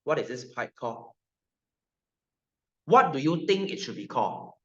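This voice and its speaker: A man's voice: medium pitch, very animated, moderate pace. Joking Malaysian male science teacher. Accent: Malaysian English. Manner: joking, keeps quizzing students. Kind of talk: classroom lecture. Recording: roomy, dull sound.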